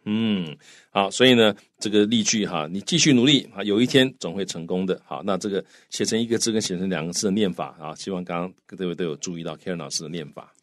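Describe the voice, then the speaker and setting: A man's voice: deep voice, fast talker, no echo, studio quality. A man co-hosting a language lesson, explaining in a chatty way with lots of filler particles. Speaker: co-host explaining in Mandarin.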